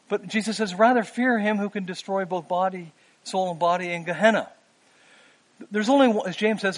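A man in his fifties preaching a sermon, earnest, pausing with "um" and rising for emphasis. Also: sits high.

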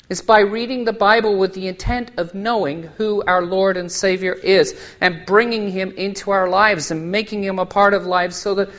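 A man's voice: high-pitched, a bit bright. A man, a lay preacher, gives a sermon and tells Bible scenes as vivid stories. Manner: storytelling, dramatizes Bible scenes. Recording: muffled lo-fi recording.

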